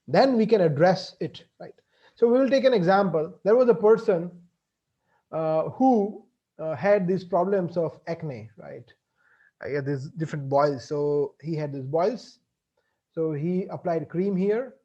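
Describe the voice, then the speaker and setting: A man's voice: on the high side, unhurried, mellow, highs cut off. A man gives a devotional lecture, explaining with everyday examples and frequently checking in with "right?". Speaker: spiritual teacher.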